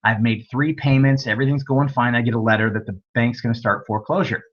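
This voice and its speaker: A man's voice: medium pitch, fairly even intonation, quick pace, fairly bright tone. A man teaching real estate investing in a webinar, telling folksy stories and acting out both sides of conversations. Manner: folksy storytelling, acts out dialogue. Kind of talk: webinar lecture with anecdotes. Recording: dull lo-fi webinar audio.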